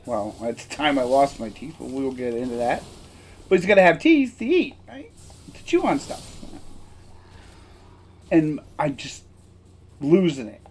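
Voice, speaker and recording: A man's voice: on the high side, big pitch swings, measured pace, pauses often, slightly rough. Rambling, emphatic male streamer. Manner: rambling and emphatic, keeps asking "right?"; candid and blunt, occasional swearing. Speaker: game streamer. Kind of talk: casual personal storytelling.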